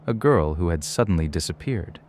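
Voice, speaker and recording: A man reading true horror stories aloud in steady, measured scripted narration. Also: low voice, slight background noise. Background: faint background music.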